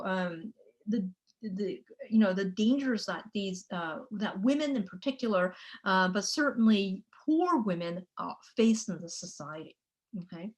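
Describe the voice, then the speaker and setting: A woman teacher giving a recorded lecture, thinking aloud with many fillers and "right?" checks. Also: on the high side.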